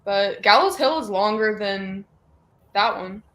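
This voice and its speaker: A woman on a reading livestream who thinks out loud and rambles as she works through her point. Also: mid-range voice, animated, a little slow. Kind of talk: casual chat on a reading livestream. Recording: echoey room over a video call.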